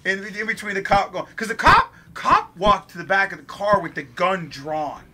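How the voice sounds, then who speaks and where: A young man from Ohio telling a wild story while playing a game, swearing constantly and animated. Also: high-pitched, moderate pace. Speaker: let's play co-host. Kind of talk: profane storytelling during a game.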